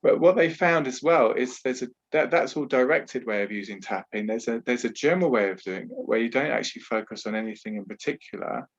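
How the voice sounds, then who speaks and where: A man's voice: medium pitch, brisk, hardly any pauses, dull audio. A man working as a trauma therapist and talking earnestly in a podcast interview over a video call, explaining at length with frequent restarts. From Britain.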